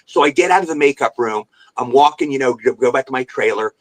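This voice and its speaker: An older man, a guest actor on a podcast, telling lively show-business stories and jumping into voices when he quotes people. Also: mid-range voice, fast talker. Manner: animated anecdotal storyteller, jumps into voices for quotes. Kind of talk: podcast interview storytelling. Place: remote podcast call.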